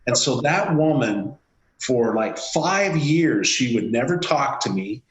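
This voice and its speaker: Speaking slowly in a mid-range voice, a male CEO guest shares an anecdote in an interview and acts out the quoted dialogue with animation. The recording is reverberant, with the high frequencies cut off.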